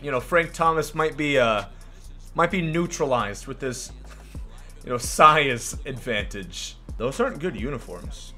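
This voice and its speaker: His intonation is lively but his pace unhurried as this man, a gaming channel host with a mid-range voice, casually jokes over his gameplay. Faint music plays underneath while he rambles through sarcastic asides and yells at big plays.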